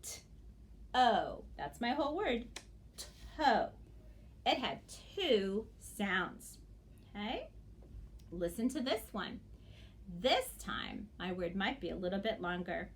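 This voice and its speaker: A woman teaching young children phonics speaks slowly, drawing each word out sound by sound. Her pitch swings widely in a sing-song teacher voice. She pauses often to check the children are following. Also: sing-song, slight background noise.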